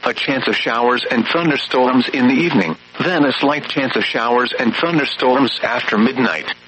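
A man's voice: mid-range voice, normal speed, a crowd in the background, rough recording. A synthetic male voice giving an automated weather radio readout, listing readings and forecasts in clipped, evenly paced phrases.

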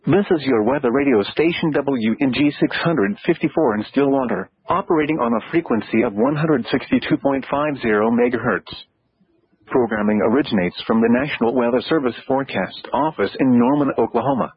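A computer-generated male voice reading an automated weather broadcast in clipped, evenly paced phrases, with sudden pitch jumps on single words. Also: fairly quick, husky, dull audio. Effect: synthetic computer voice.

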